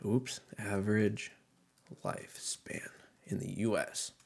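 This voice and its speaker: A young man rambling through a solo podcast monologue, swearing freely and poking fun at himself. His voice sits at an ordinary middle pitch and he drifts from thought to thought. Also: lively intonation, normal speed. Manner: profane, rambling, self-mocking. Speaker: podcast host. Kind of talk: casual solo podcast rant.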